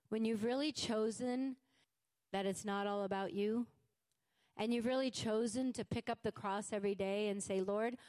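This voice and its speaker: A woman preaching a sermon with fervent emphasis, slowing down to stress key words. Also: medium pitch, a little mellow.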